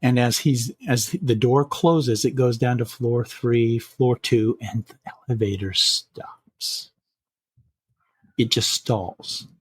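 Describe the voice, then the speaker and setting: A man hosting a podcast, telling a scary bedtime story in a measured way, slowing down for suspense. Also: medium pitch, fairly even intonation, husky, no room sound. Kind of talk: spooky bedtime story narration.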